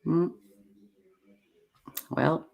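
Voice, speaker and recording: A host chatting on a home livestream, easygoing and a little halting, thinking aloud as they talk. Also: darkish tone. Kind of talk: casual livestream chat. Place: home with many devices running.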